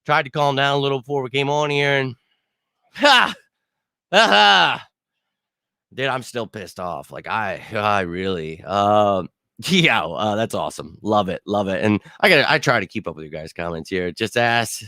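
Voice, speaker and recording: A man's voice: fairly low pitch, expressive, moderate pace, pushed and bright, dry recording, studio quality. A man hosting a livestream postgame reaction show, frustrated and swearing as he reads chat comments. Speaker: sports fan show host.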